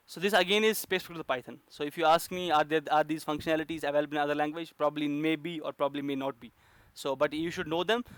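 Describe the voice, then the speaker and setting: A man's voice: fairly high pitch, clear, resonant tone, dry recording. A man teaching a coding lesson, explaining step by step with frequent fillers and restarts. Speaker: programming instructor.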